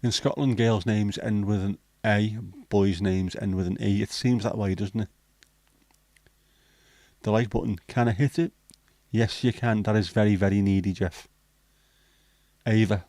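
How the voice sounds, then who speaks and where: A man's voice: fairly low pitch, fairly even intonation, a little slow, long pauses, a little mellow, no room sound. A man hosting a casual livestream, chatting, swearing freely and reading viewer comments aloud. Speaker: livestream host.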